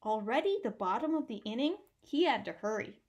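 A woman reading a children's picture book aloud with a slightly raised voice. Her storytelling is warm and expressive, paced for young listeners. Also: on the high side, brisk, muffled recording, slight background noise. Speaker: storybook reader.

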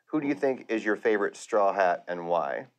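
A middle-aged man with a very low voice conducts a casual interview. He asks short, relaxed questions and keeps the talk moving. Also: fairly quick, highs cut off. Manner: relaxed, brief prompts and questions. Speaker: interviewer, ADR director.

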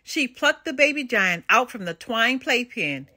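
Older woman, animated and bright storyteller. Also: a little high, unhurried, dry recording, studio quality. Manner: expressive and animated. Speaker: storybook reader. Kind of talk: children's read-aloud narration.

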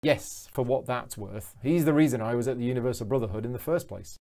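A man voicing a frightened, angry young woman from a game, in his own mellow voice. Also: mid-range voice, quick pace, natural voice.

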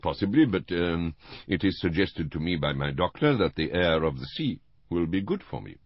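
Elderly detective, theatrical, precise, read by a man, lively, dry sound. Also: low voice, moderate pace, no echo, lo-fi sound. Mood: playful. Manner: precise, theatrical, with French phrases. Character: fussy elderly male Belgian detective, playful.

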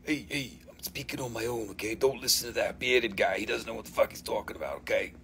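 Man doing a talking crystal, boastful, crude, hushed, pushy, begging to be bought. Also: fast talker, vocal fry, breathy edge, full character voice. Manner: hushed, pleading sales pitch.

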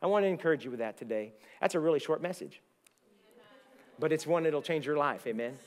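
Animated higher-voiced male pastor. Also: fairly quick. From United States. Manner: animated storyteller, repeats words, acts out quoted voices. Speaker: guest pastor. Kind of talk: sermon with storytelling. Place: church sanctuary.

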